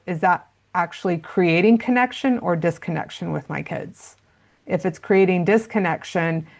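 A woman's voice: lowish voice, vocal fry. A woman answering interview questions as a parenting expert, explaining at length with frequent fillers.

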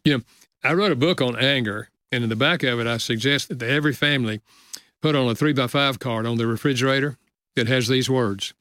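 An older man, a guest author, telling a personal story in an earnest, gentle way with frequent soft chuckles. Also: mid-range voice, brisk, no room sound, studio quality. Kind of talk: reflective storytelling interview.

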